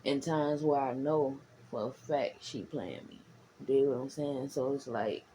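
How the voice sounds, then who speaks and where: A woman talking casually to her followers, rambling and repeating herself. She swings from low murmurs to heated, profane bursts. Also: dark tone, slight background noise, low-quality recording. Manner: frank and profane. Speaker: vlogger.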